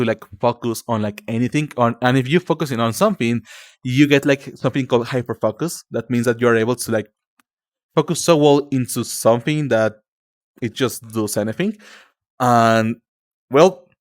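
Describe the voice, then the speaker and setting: In a studio-quality recording with no echo, a young man with a Spanish accent streams live and chats informally with viewers. He stumbles over his words and calls people cutie and darling, speaking at normal speed in a mid-range voice.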